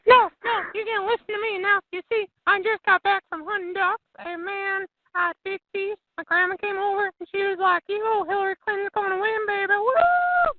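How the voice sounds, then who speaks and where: A performer voicing a shrill, boastful young left-wing brawler who keeps interrupting with a very high-pitched voice. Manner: interrupts with rapid repeated shouted "no" and "shut up". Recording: tinny phone-line call.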